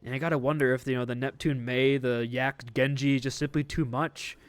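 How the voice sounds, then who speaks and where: A man's voice: medium pitch, steady tone, fairly quick, clear, resonant tone, no room sound. A man casting a live esports match, chatty and joking as he walks through the play. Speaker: esports caster.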